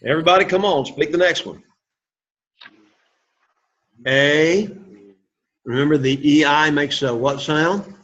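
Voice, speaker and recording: Man teaching Greek, husky and slow. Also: a little high, fairly bright tone. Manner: encouraging, repeats words for the class to echo. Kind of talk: classroom pronunciation drill. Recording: dull lo-fi classroom recording.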